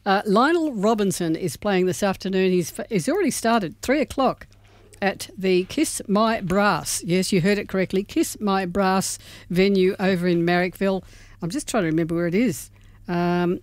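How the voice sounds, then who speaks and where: A man's voice: high voice, dry recording. A man from Melbourne hosting a community radio show, chatting casually and reading out a gig guide with small slips. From Melbourne, Australia.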